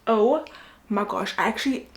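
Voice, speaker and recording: A young woman chatting casually in a reading vlog, gushing and emotional, sliding at times into a hushed near-whisper. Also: fairly high pitch, lively intonation, moderate pace. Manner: chatty, lots of "like", upbeat. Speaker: book vlogger.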